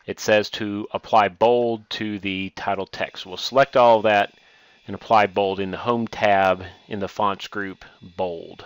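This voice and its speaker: A man teaching a screen-recorded software tutorial, walking through steps one at a time with frequent "uh" fillers. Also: lowish voice, measured pace, no echo. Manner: steady step-by-step explaining with frequent "uh" fillers. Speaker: instructor.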